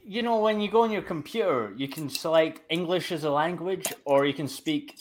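A man's voice: a little high, moderate pace, slight background noise. A man from Scotland with a Scottish accent, a guest trading crude jokes in casual podcast banter. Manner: crude, joking storyteller.

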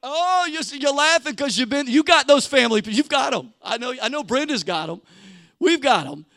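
Male pastor, sermon, high smooth voice, conversational storytelling, dry close sound. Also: moderate pace, dry recording. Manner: animated storytelling, conversational, frequent restarts and 'man'.

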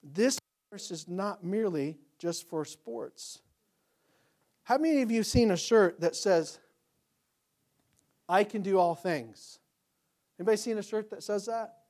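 A man's voice: lively intonation, moderate pace, darkish tone. Preaching pastor, man, rising emphasis. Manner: rhetorical questions, builds in force, then drops low. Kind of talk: sermon.

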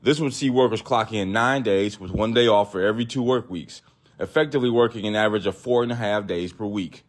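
A podcast host tells a story in a casual, animated and profane style, voicing other people as he goes. His voice sits on the low side and he talks fairly quickly.

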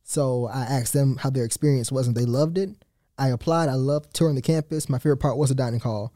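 A young man from Atlanta answers interview questions in a quick, earnest and polite way. His voice is mellow and unhurried in tone, though his words come fast. The studio sound is dry and close. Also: mid-range voice, no echo. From Atlanta, Georgia. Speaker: student guest. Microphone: studio mic.

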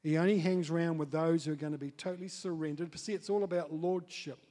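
A man preaching a sermon as pastor, dropping to soft asides and building up to loud, excited storytelling. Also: a little high, quick pace. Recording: long hall reverb.

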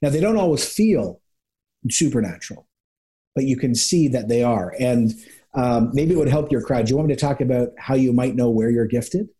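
A man speaks as a guest pastor on an interview podcast, with a mellow, warm tone. He tells lively stories, slipping into quick impressions of the people in them. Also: mid-range voice. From Canada. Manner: animated storyteller, acts out quick voices of people. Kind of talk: conversational interview.

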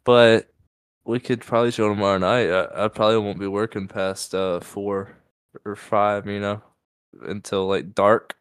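A man's voice: on the low side, little pitch movement, moderate pace, clear, resonant tone, dry recording. A man co-hosting a podcast in casual chat, a bit tipsy, laid-back and rambling, swearing and joking. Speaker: podcast co-host. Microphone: studio mic, no camera.

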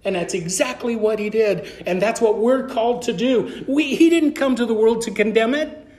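Man, pastor, sermon, storytelling, high-pitched, echoey church room. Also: normal speed, darkish tone. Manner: storytelling, acts out dialogue. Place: church sanctuary.

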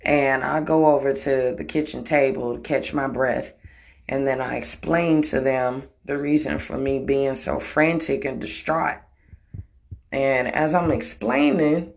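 A woman's voice: very deep voice, steady tone, a little slow. A woman telling a personal story in a blunt, profane, emotional way. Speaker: storytelling vlogger. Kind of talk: casual storytime monologue.

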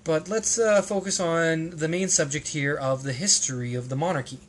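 A man's voice: on the high side, steady tone, normal speed, a little hiss or hum. A man hosting a casual podcast, rambling and hesitant, with plenty of restarts and ums. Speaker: podcast host.

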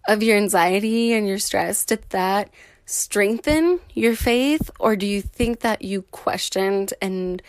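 Slow-spoken woman interviewer. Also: mid-range voice, dry recording, studio quality. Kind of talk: interview questions.

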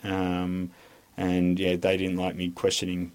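A deep-voiced Australian man with a low register tells his army stories in a loose, rambling way. He swears freely and circles back on himself with "um"s and false starts, blunt in his opinions as an interview guest. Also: completely flat delivery, a little slow. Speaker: podcast guest, former army instructor. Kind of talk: casual interview storytelling.

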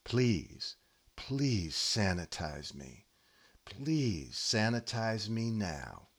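A man's voice: on the low side, very animated, very slow, heavily acted. A man reading the lines of a flirty woman in a comic parody story, cooing and pleading.

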